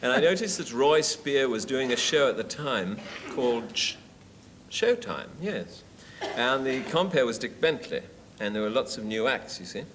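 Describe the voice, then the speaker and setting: An English man in his forties, a guest on a television chat show, telling a lively story and slipping into comic character voices. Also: medium pitch, normal speed. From England. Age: 40s. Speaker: comedian and actor, talk show guest. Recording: 1970s TV studio recording, faint hiss.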